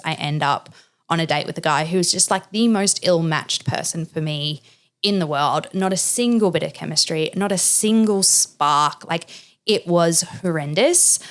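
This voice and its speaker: A woman in her thirties hosting a podcast, telling a candid story in a chatty, filler-heavy way, often quoting people. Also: on the low side. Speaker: podcast host.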